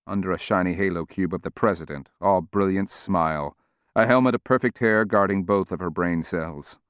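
A man reading a novel aloud in a measured, steady audiobook narration. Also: deep voice, no echo, clean studio sound.

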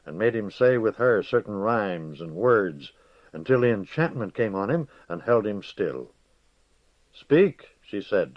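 A man narrating an audiobook in a measured, steady storytelling manner, in a dull lo-fi recording. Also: on the low side, no room sound.

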